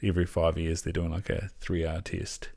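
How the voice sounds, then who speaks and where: A man's voice: low voice, level tone, normal speed, creaky, darkish tone. A young man hosting a podcast, chatting candidly and casually, laughing often and swearing. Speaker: podcast host. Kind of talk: casual chat.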